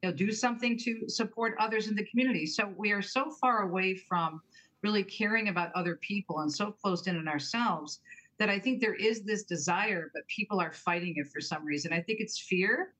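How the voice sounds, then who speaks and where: A woman's voice: medium pitch, fairly quick, fairly bright tone, low-quality recording. A woman guest in an interview, talking about her book in an earnest, emphatic way. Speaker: guest author and talk show host. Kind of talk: interview conversation.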